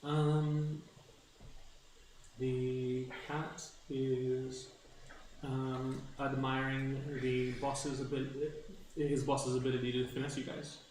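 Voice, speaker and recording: A man narrating as game master in a tabletop game, pausing to think as he describes things. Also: medium pitch, level tone, darkish tone. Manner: hesitant, thinking aloud with fillers. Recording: echoey noisy room, distant mic.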